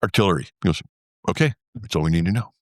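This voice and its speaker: Low-voiced man telling a war story. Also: lively intonation, fast talker, dry recording, studio quality. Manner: rambling, filler-heavy, wry with laughs. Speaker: interview guest, former pilot. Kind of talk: casual storytelling interview.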